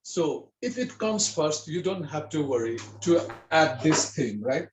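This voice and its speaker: A man's voice: fairly high pitch, sing-song, unhurried, roomy sound, soft background music, poor audio. A man teaching a writing script in an online lesson, explaining patiently and repeating himself with many fillers over a video call.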